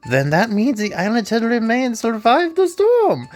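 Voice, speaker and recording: A man's voice: extremely high pitch, wildly swooping pitch, unhurried, faint music behind, pitched above the performer's own voice, heavily acted. A man voicing a spry, jolly old male archaeologist with a Scottish accent, reading game dialogue aloud.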